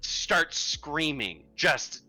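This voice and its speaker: Bright, animated game master man. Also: fairly high pitch, very slow, no room sound. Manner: animated, rambling narration. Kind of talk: narrating a tabletop game.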